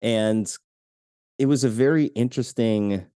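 A man hosting a casual film discussion podcast, animated and quick to laugh, often acting out quotes. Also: mid-range voice, clean tone, dry recording, clean studio sound. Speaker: podcast host.

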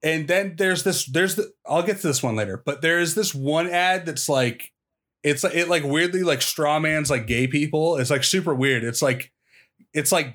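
A young man with a fairly high voice co-hosts a casual podcast. He rambles from one story to the next, laughs a lot, and swears freely. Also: moderate pace, fairly bright tone. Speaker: podcast co-host. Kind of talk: casual chat.

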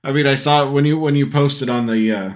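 Chatting loosely on a podcast alongside his son, this middle-aged father keeps a steady tone at medium pitch and talks a little fast. Fillers and restarts pepper his rambling delivery.

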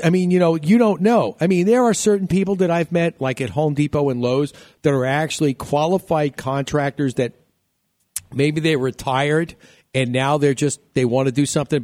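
A man's voice: fairly high pitch, a little mellow, dry recording, clean studio sound. A man from New York hosting a home improvement radio show, joking and rambling in a casual way. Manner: joking, rambling, laughs often.

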